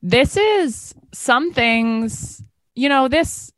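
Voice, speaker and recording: A woman's voice: sits high, animated, very slow, no echo. A woman co-hosting a podcast, bantering casually and acting out quoted lines. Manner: bantering, acts out quoted voices. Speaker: podcast co-host.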